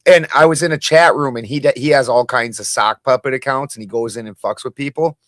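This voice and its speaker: A man's voice: mid-range voice, fairly quick, a bit bright, no echo, clean studio sound. A man chatting on a livestream panel in a blunt, joking and profane way. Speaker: co-host of another show. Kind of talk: casual livestream chat.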